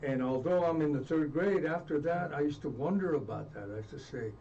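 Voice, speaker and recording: A man recalls his past in an earnest, halting way, circling back and restarting his sentences. He sounds far from the microphone, and the sound is dull and slightly noisy. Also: a little high, mellow. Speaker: interview guest. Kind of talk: reflective storytelling. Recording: distant muffled mic with faint noise.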